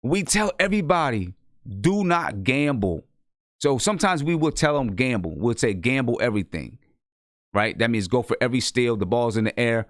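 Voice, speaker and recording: Animated man telling a story. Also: medium pitch, a little fast, hardly any pauses, no echo, studio quality. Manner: animated storytelling, acts out quoted lines. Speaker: show host and girls' basketball coach. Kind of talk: casual chat.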